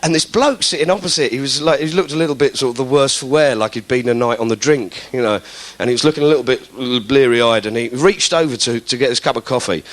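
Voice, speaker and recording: A man's voice: medium pitch, fairly bright tone. A man telling a stand-up story in a sardonic, conversational way. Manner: conversational, sardonic, acting out characters. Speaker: comedian. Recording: hissy live recording.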